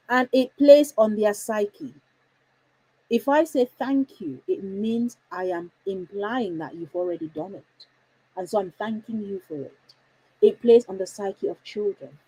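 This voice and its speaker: A woman coaching parents, talking emphatically and deliberately changing her tone and pace to stress key points. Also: mid-range voice, dark tone, husky, no echo, low-quality recording. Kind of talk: instructional talk to parents.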